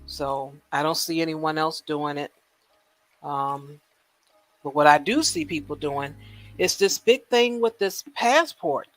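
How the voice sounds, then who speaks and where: A woman hosting a casual livestream, rambling and animated, firing off rhetorical questions and laughing at her own jokes. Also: on the low side. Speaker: livestream host. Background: faint music.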